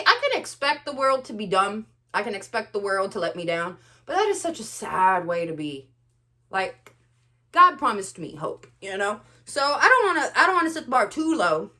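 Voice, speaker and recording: A young woman ranting to the camera in a vlog, sarcastic and animated, swinging between loud outbursts and quiet asides. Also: fairly high pitch. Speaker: vlogger.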